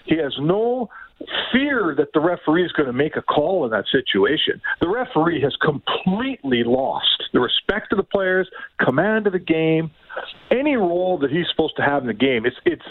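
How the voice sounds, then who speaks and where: A man's voice: fairly high pitch, big pitch swings, normal speed, dry recording, narrow, tinny audio. A man co-hosting sports radio, talking about hockey in an emphatic, indignant way and repeating points for stress. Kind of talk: heated hockey talk.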